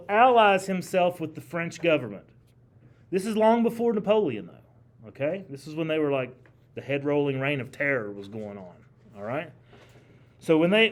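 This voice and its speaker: A man teaching a history class in a classroom, talking casually and quizzing his students with questions. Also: high voice. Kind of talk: classroom lecture.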